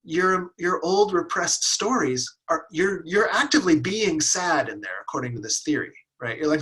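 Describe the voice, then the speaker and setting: A husky, bright-toned middle-aged man leads a relaxed class on Taoist practice. He talks loosely and lively, slipping into little voices to act out what people think. His delivery is casual and playful. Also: on the high side, moderate pace, few pauses, rough recording. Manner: animated, acts out inner voices with playful laughs. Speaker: Taoist teacher leading a workshop. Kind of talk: teaching a live online class.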